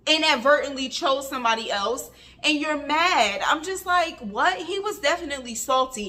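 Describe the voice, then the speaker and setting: A woman's voice: high voice, sharp tone. A woman giving a casual vlog review of a reality TV episode, chatty and emphatic, with lots of filler words.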